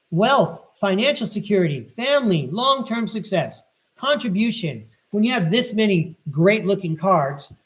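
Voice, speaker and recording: High-pitched male tarot host, cheerful and encouraging, live reading style. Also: low-quality recording. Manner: upbeat and encouraging, lists card meanings. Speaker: tarot reader and podcast host.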